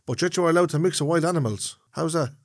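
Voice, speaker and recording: An Irish-accented man in his fifties talks in a warm, earnest, chatty way on a casual podcast. He speaks sincerely and holds his side of the banter as co-host. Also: a little high, quick pace. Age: 50s.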